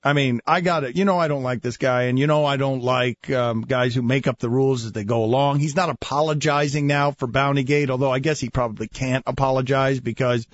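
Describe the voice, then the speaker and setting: A man's voice: mid-range voice, fairly even intonation, a little fast, hardly any pauses, no room sound. A man hosting sports talk radio, emphatic and mocking, on a dull lo-fi studio recording. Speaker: radio show host.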